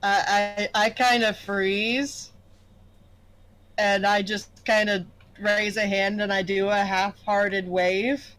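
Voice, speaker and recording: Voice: mid-range voice, level tone, slow pace, a bit bright, rough recording. A player in a tabletop game who talks hesitantly and stammers. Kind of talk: casual tabletop play.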